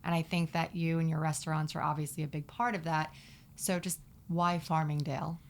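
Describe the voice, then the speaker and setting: A woman's voice: low voice, little pitch movement, a little fast. A woman putting a plain, friendly question to a podcast guest. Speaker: listener asking a question. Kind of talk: casual question.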